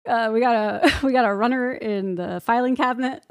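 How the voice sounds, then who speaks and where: A woman streaming a video game, reacting excitedly, cursing and laughing and yelping when startled. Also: a little high, moderate pace, no echo, studio quality. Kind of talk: live gameplay reactions.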